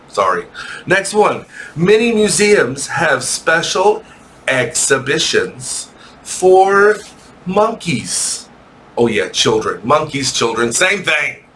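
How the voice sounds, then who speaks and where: Man teaching a slow, playful English lesson. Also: on the high side, fairly bright tone, a little hiss or hum. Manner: joking, playful asides; spells and repeats words slowly. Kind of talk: classroom lesson reading aloud.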